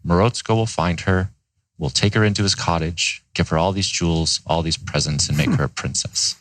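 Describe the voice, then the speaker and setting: Scheming wicked stepmother, voiced by a man, fairy tale, deep voice, plain telling. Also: moderate pace, fairly bright tone, dry recording.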